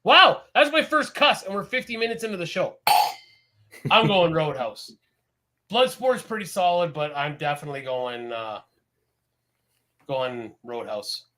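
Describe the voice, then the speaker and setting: A man from Canada with a high, bright voice that swings widely as he rambles through a casual podcast chat. He laughs often and talks in an animated, easygoing way. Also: unhurried, pauses often. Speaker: podcast co-host.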